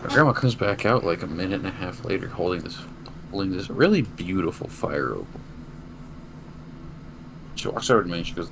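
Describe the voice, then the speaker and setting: A young man with a very low voice tells a long, rambling story on a casual podcast. He swears freely, and steady background noise runs under the recording. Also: fairly quick, vocal fry, long pauses. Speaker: podcast co-host.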